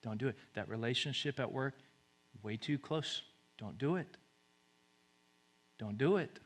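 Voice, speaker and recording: A man preaching a sermon as pastor, booming through scripture and then dropping to soft, hushed appeals, often repeating words as he presses a point. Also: unhurried, breathy edge.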